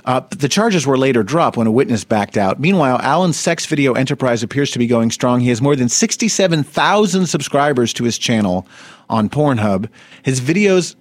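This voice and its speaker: A man's voice: mid-range voice, expressive, moderate pace, no room sound. Dry-miked man reading news with jokes. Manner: reads stories aloud with laughing asides. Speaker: podcast co-host. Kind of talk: casual comedic news chat.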